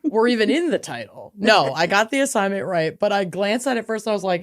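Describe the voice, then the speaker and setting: A woman co-hosting a podcast, talking in a loose, rambling way. She laughs easily and swears freely, and her voice sits at an ordinary middle pitch. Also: expressive, fast talker, hardly any pauses. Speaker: podcast co-host. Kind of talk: casual chat.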